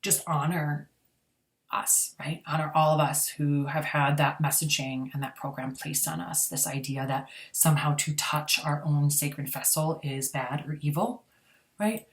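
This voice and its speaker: A woman, an energy healer, giving a gentle, unhurried spiritual talk and often asking "right?". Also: deep voice, fairly even intonation. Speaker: energy healer and channel host. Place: indoors.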